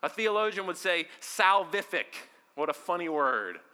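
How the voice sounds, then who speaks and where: A male pastor preaching a sermon to his congregation, shifting from hushed near-whispers to loud, emphatic lines and leading the room in call-and-response. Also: high-pitched, big pitch swings, normal speed, clean tone. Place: church service before a congregation.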